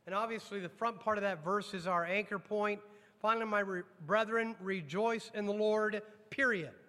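A pastor preaching a sermon to his congregation, emphatic, questioning the room and dropping low and slow on weighty lines. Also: sharp tone, in a large hall. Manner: addresses congregation directly with repeated questions. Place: church sanctuary.

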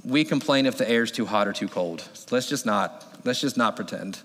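A man in his thirties preaching a sermon as a pastor, telling the story with animated delivery and acting out voices. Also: mid-range voice, moderate pace. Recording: long hall reverb.

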